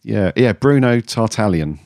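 A man with a low voice co-hosts a casual fan podcast. He talks loosely, chuckling and leaving sentences hanging. His voice is close and dry, with no room sound. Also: lively intonation, measured pace, gravelly, darkish tone, no room sound. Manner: rambling, chuckling, trailing off mid-sentence. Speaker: podcast co-host.

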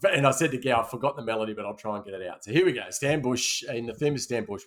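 A man chats loosely on a movie podcast, restarting his sentences and wandering off track. His voice sits at an ordinary middle pitch for a man. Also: fast, hardly any pauses. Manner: rambling, self-interrupting, laughs at own jokes. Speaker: podcast co-host. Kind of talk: casual movie-review chat.

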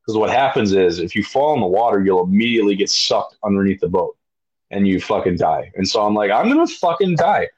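A man, a podcast guest, telling a story with heavy swearing and loud acted-out shouts. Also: lowish voice, brisk, dull audio. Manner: profane, emphatic, acts out his own shouts. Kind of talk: animated storytelling.

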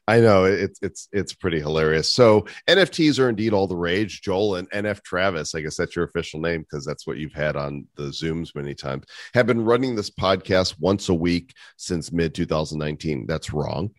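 A podcast co-host with a very low, deep voice, chatting with wry humor and dropping asides as he reads. The sound is close and dry, with no room around it. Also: moderate pace, hardly any pauses, no echo. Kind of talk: casual chat.

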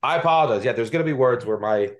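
A man's voice: mid-range voice, quick pace. Delco guy hosting a betting podcast, chatty, self-deprecating. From Delaware County, Pennsylvania. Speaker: podcast host. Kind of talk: casual sports betting chat.

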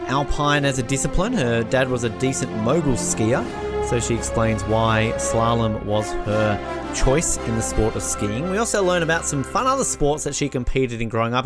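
Upbeat Australian man hosting a podcast. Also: medium pitch. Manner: upbeat, enthusiastic and talkative. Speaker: podcast host. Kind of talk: podcast interview.

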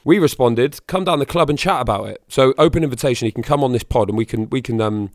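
A man's voice: mid-range voice, expressive, fast, dry recording, clean studio sound. A man co-hosting a podcast, bantering and plugging the show in an upbeat way. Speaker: podcast co-host. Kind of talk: casual chat.

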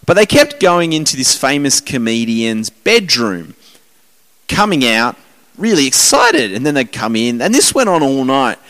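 A man hosting a podcast, chatting in a loose, rambling way full of swearing and self-mockery. His pitch swings widely and stays lively. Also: unhurried. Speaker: podcast host. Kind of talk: casual podcast chat.

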